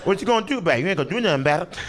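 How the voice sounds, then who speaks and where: A man's voice: sits high, animated, racing, a bit bright, voice pushed up. A comedian voicing his drunk, belligerent roommate with a taunting, slurred bravado.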